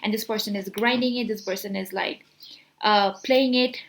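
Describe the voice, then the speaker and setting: A woman talking casually to camera as a motivational speaker, explaining with her hands, often repeating herself, filling pauses and asking herself questions. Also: mid-range voice. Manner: explains with hand gestures, repeats words, many fillers; animated rhetorical questions.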